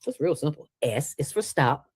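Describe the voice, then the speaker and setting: A woman as an interview guest, talking in a playful, preachy way with sudden jumps in pitch. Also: animated, moderate pace, a little mellow, breathy edge, no echo. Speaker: interview guest, nonprofit founder. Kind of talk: casual interview talk.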